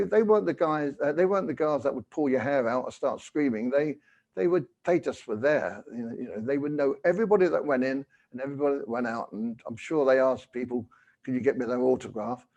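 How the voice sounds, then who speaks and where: A man's voice: medium pitch, darkish tone. A man in his seventies, a guest telling stories in a rambling, anecdotal way over a video call. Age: 70s. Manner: rambling, anecdotal, full of "you know". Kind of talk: casual storytelling.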